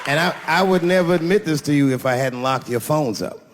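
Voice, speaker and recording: A man's voice: on the high side, brisk, a crowd in the background, background noise. A man doing stand-up comedy on a theater stage, telling a long profane story in a conversational way that builds to punchlines. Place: large theater stage with audience. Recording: long hall reverb from a live stage.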